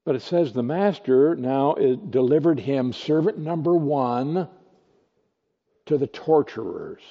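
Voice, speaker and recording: A male pastor preaching an expository sermon, teaching slowly and deliberately with rhetorical questions. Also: mid-range voice, animated. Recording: dull lo-fi recording with long hall reverb.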